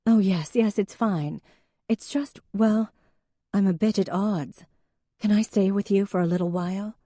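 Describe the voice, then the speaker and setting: A woman's voice: mid-range voice, steady tone, measured pace, dark tone, no room sound, clean studio sound, voice pushed up, lightly acted. A woman voicing a poised, formal elder sister with a refined, precise manner. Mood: hesitant.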